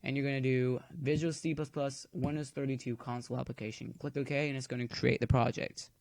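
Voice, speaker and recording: A man's voice: medium pitch, level tone, a little fast, creaky, a little mellow, no echo. A man giving a casual coding tutorial at home, chatty and rambling, filling the waits with corny jokes. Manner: chatty, cracks corny jokes while waiting. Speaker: tutorial maker.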